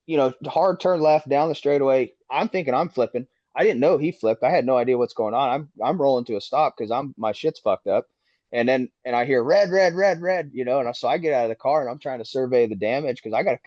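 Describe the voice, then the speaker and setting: Profane race driver telling a story. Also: male voice, medium pitch, a little mellow, no room sound. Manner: profane, rambling, acts out heated quotes. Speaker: race car driver guest. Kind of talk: casual podcast storytelling. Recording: dull dry lo-fi sound.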